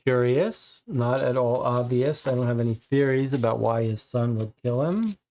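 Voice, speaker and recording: A man's voice: mid-range voice, moderate pace, mellow. A man playing a cold case board game, thinking aloud in a musing, hesitant way.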